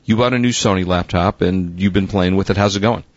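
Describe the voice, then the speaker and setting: A man's voice: deep voice, fairly quick, dry recording. A man co-hosting a tech radio talk show, genial and rambling, often correcting himself mid-sentence. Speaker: co-host. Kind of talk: casual radio chat. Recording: dry, slightly dull studio mic.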